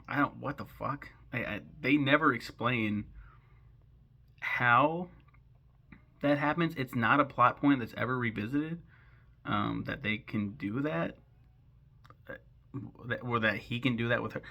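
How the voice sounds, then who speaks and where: A man's voice: mid-range voice, measured pace, gravelly, long pauses, sharp tone. A man giving a casual, rambling film recap, sarcastic and swearing freely as he goes. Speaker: film commentary host.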